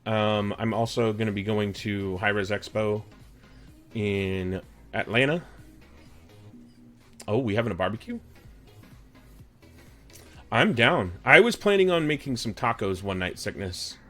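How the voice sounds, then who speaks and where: A man's voice: fairly low pitch, lively intonation, measured pace, long pauses, pushed and bright. A man with a Texan accent hosting a live stream, chatting casually with viewers in a rambling, jokey way. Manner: rambling, chatty, jokey, talks to chat by name. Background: background music.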